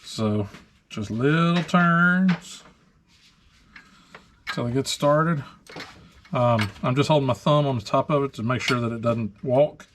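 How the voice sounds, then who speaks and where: A man's voice: medium pitch, takes it slowly, pauses often, a little hiss or hum. A man hosting a truck repair video, chatting casually and filling gaps with ums while he works on parts in a garage. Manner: relaxed, chatty, talking while wrenching with many fillers. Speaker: host of a truck repair channel. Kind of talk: casual workshop talk-through.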